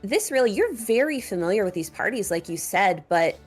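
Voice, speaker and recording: A woman running a tabletop game as game master, with measured storytelling narration. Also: medium pitch, very animated, slightly rough, faint music behind.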